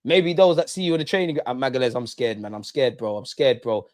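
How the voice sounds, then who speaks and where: A man's voice: mid-range voice, fast talker, few pauses, no echo. Heckling young man, watch-along. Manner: heckling, excitable, mocking penalty takers. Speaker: football fan channel host. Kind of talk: live watch-along commentary.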